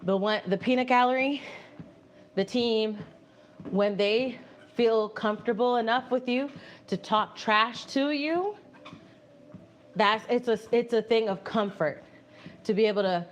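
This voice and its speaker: A woman hosting a live stream, chatting casually with viewers while walking on a treadmill, animated and often laughing. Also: mid-range voice, a little slow, muffled recording, slight background noise. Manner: animated, laughing, reads viewer messages aloud and answers them. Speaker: livestream host reading chat. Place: home, indoors on a treadmill.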